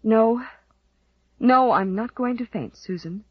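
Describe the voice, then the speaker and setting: A woman's voice: fairly high pitch, takes it slowly, slightly rough, dry recording, muffled recording. A woman voicing an anxious young mother in an audiobook, speaking with strained composure. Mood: shaken. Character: anxious young mother trying to stay calm. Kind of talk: audiobook character voice.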